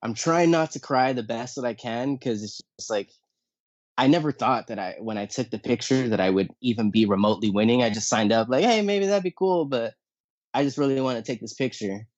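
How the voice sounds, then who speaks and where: Man telling an animated story. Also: mid-range voice, a little fast, no echo. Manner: animated storytelling, acts out quotes. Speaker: contest winner guest. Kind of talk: casual podcast chat. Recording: dry muffled sound.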